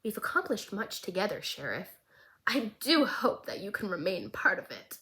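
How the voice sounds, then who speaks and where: A woman voicing a menacing middle-aged male crime boss, speaking quietly and half whispering. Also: mid-range voice, big pitch swings, moderate pace, a little hiss or hum, poor audio.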